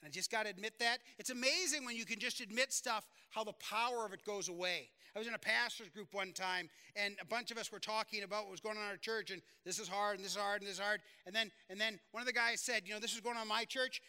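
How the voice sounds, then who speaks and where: A man's voice: high voice, quick pace, hardly any pauses, pushed and bright, clean tone. A male pastor giving an earnest, conversational sermon, repeating phrases for emphasis.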